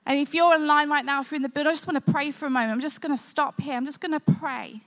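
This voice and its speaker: Woman pastor, earnest conversational sermon, high bright voice, church hall reverb. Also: steady tone, rapid-fire. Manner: earnest, conversational preaching with prayer.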